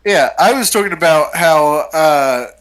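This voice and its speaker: A podcast co-host chatting casually, quick and joking, often agreeing with a laugh. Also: mid-range voice. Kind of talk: casual chat.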